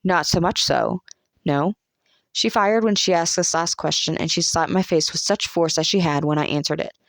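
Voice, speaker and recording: A narrator with a Southern US accent reads a classic novel aloud in an even, measured storytelling voice of middling pitch. The close mic gives a dry sound with no room echo. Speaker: audiobook narrator.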